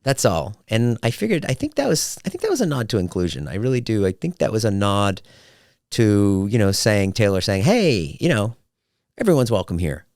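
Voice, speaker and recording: Podcaster, man in his 40s, lowish voice that swings wide, jokey and animated, dry close mic. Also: fairly quick, no room sound. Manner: animated, jokey, swings into high excited pitch. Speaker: podcast host. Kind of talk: casual solo podcast monologue.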